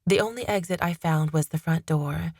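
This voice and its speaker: A woman reading first-person fantasy narration in a steady, measured way. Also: low-pitched, no room sound, clean studio sound. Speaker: audiobook narrator.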